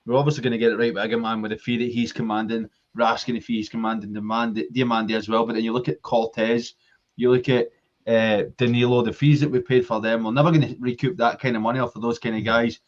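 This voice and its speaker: A man's voice: mid-range voice, level tone, fast, highs cut off. A man with a Scottish accent, co-hosting a casual football fan podcast, arguing his point passionately in long runs. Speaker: podcast co-host.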